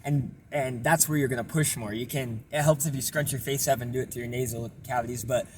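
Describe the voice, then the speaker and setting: A young man casually explaining a vocal technique in a relaxed, rambling way with lots of fillers. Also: mid-range voice, fairly quick, slight background noise. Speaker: self-taught vocal tutorial maker.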